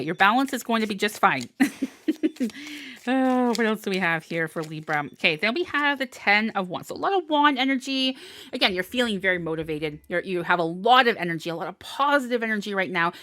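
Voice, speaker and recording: A woman's voice: mid-range voice, a bit bright, no echo. A young adult woman giving a live-streamed tarot horoscope reading, bubbly and encouraging, with frequent laughs, fillers and restarts. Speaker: tarot reader.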